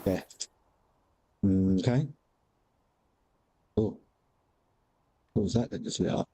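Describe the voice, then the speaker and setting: A young man talks casually on a game stream, his voice deep-toned and mellow. He mutters to himself as he plays and slips into a high, sing-song baby voice when he speaks to his cat. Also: takes it slowly, dry recording, low-quality recording. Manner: relaxed, mutters to himself while gaming. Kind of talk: casual livestream chat.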